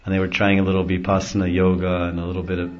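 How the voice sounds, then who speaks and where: Racing along in a low monotone, a middle-aged man teaches on spiritual matters in a relaxed devotional talk, frequently chuckling while he explains. The recording is dull and lo-fi.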